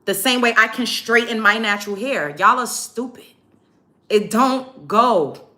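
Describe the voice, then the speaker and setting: A woman with a slightly high, bright voice and a forceful tone talks at a moderate pace. In her get-ready-with-me rant to camera, this vlogger uses an African American English accent and is blunt, sarcastic, and frequently profane.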